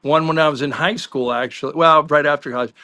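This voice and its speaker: Bright-voiced man telling stories. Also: fairly high pitch, steady tone. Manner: chatty anecdotal storyteller, quick asides. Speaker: podcast co-host. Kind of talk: casual sports talk.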